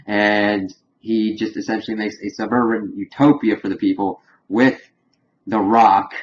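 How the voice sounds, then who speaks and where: A man's voice: on the low side, little pitch movement. Rambling man recapping an episode. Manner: rambling, filler-heavy retelling with quick acted quotes. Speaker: reviewer. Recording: dull lo-fi home recording with faint hiss.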